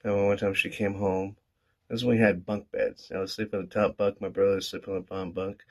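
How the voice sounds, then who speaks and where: A man's voice: deep voice, level tone, fast. A man in his thirties from Iowa, telling childhood stories in a rambling, casual way with some swearing. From Iowa, USA. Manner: rambling, swears casually, drifts soft and quiet. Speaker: vlogger. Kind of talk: casual storytelling monologue.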